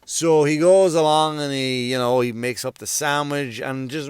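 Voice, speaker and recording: In a clean, studio-dry recording with no room sound, a comedy podcast host with a fairly high voice speaks at a measured pace with few pauses. His story rambles along casually, and he acts out each quoted line with animation.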